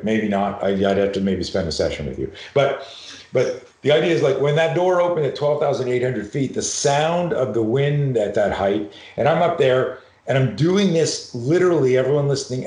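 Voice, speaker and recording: A middle-aged man from Canada, a podcast guest, telling anecdotes in an animated, profane way, acting out voices as he goes. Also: medium pitch, moderate pace, reverberant. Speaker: podcast guest, self-defense and fear expert. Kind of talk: storytelling in a podcast conversation.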